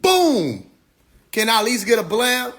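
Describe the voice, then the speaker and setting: A man's voice: high voice, animated, moderate pace. A man hosting a livestream monologue, preaching with rhetorical questions and profanity. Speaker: livestream host. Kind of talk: Instagram Live monologue.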